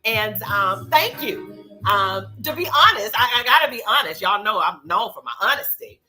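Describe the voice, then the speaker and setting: Lively, bright-voiced woman hosting a live show. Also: mid-range voice, normal speed, soft background music. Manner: chatty, sassy and animated, thanking sponsors. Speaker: show host. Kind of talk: casual live recap show.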